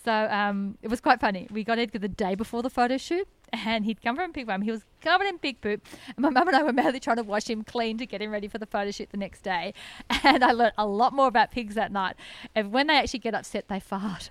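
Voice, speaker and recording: A woman's voice: on the high side, expressive, fast talker, a bit bright, dry recording. A middle-aged woman, founder of an animal sanctuary, telling stories in a podcast interview in an earnest, enthusiastic way and laughing often. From Australia.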